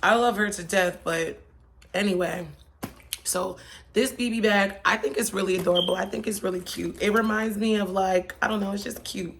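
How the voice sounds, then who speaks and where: Woman vlogger, gravelly voice, rambling casual chat, faint background noise. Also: mid-range voice, steady tone, moderate pace, fairly bright tone. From Pennsylvania. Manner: chatty, rambling, slangy and emotional.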